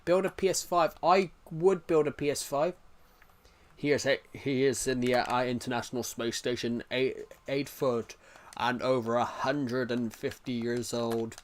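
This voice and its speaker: A man's voice: mid-range voice, fairly even intonation, measured pace, a little hiss or hum. A man streaming live, chatting casually, reacting to chat and rambling through restarted sentences.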